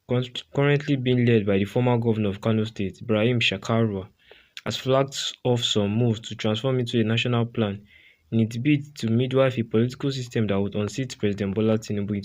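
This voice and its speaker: A man from Nigeria reading a news report aloud, loud and often stumbling and restarting words. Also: fairly low pitch. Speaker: news reader.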